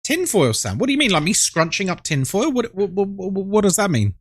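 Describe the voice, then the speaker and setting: A man's voice: high voice, sing-song, a little fast, dry recording, clean studio sound. A man hosting a live stream, greeting his viewers by name in a chatty, playful, affectionate way.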